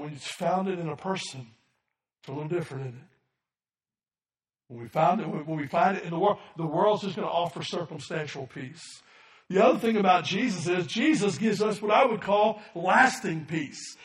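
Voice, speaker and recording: A male pastor preaching a sermon, dropping to soft low asides and then rising to shouted emphasis while calling for amens from the congregation. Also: recorded from a distance. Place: church sanctuary. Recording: echoey room from off the mic.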